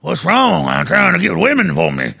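A man's voice: high-pitched, sing-song, moderate pace, gravelly, pushed and bright, slightly rough, heavily acted. A man voicing a creepy rural man who collects women and children, in a drawling hillbilly impression. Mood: menacing.

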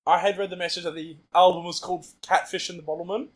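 High-voiced rambling Australian man. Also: little pitch movement, fast talker, crowd noise. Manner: rambling storyteller, restarts sentences often. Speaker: podcast co-host. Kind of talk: casual banter among friends.

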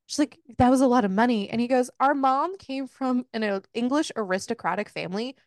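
Brisk and barely pausing, this high-pitched female co-host casually walks through a book's plot on a podcast, swearing a lot and laughing as she goes. The studio sound is clean, with no room sound.

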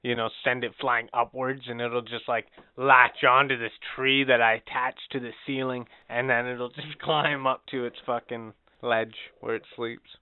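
A man co-hosting a casual podcast, excitable and profane, often cutting in. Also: medium pitch, moderate pace, hardly any pauses, clean tone, no echo. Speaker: podcast co-host. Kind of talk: casual crude banter. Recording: tinny phone-like sound.

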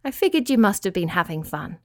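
A woman voicing a kind, friendly blackbird in a storybook, chirruping and gentle. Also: mid-range voice, very animated, fairly quick, no room sound, clean studio sound, natural voice.

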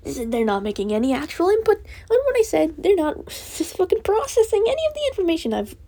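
A woman's voice: extremely high pitch, wildly swooping pitch, quick pace, mellow. A young woman hosting a casual solo podcast, ranting in a profane, rambling way and laughing through her angry venting. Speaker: podcast host.

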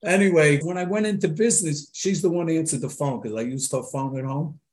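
A man's voice: on the high side, brisk, darkish tone. An older man hosting an interview, telling family stories in a folksy, anecdotal way. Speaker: host. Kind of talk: casual interview talk.

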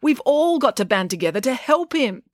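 A woman's voice: sits high, big pitch swings, normal speed, a little mellow, dry recording, studio quality, pitched above the performer's own voice. A woman reading a storybook aloud and voicing an exasperated male school guidance counsellor who lectures sternly.

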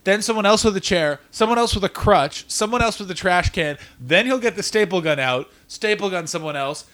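A man co-hosting a podcast, telling stories in a profane, animated way and slipping into quoted voices. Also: sits high, fairly quick. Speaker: podcast co-host. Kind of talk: casual podcast chat.

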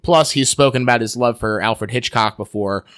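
Man host, mid-pitched, analytical, close dry mic. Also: fairly bright tone, no room sound. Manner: analytical, measured, explains film references. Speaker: podcast host. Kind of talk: casual podcast film discussion.

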